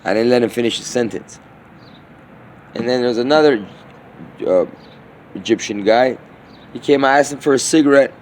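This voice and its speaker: A man's voice: medium pitch, normal speed, pauses often. A man in a mid-range voice rambles through a loose monologue, salting his talk with slang and swearing. He drifts between thoughts and circles back to them. A faint background noise sits under his voice. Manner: meandering, slangy, profane, trailing off and restarting.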